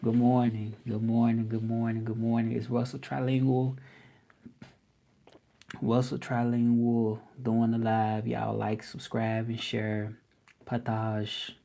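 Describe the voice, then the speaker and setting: A man hosting a casual livestream, relaxed and rambling, often repeating himself. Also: medium pitch, a little slow, creaky. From Memphis, Tennessee. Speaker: language teacher and livestream host.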